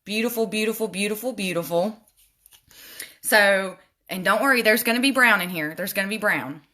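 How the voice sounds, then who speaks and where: A chatty woman talks her viewers through a makeup look on a casual livestream. Her voice is bright and forward, and she keeps drifting into laughing side stories before coming back to her palette. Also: medium pitch, normal speed. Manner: chatty, goes off on laughing tangents; talks straight to viewers, addressing them as y'all. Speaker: makeup vlogger.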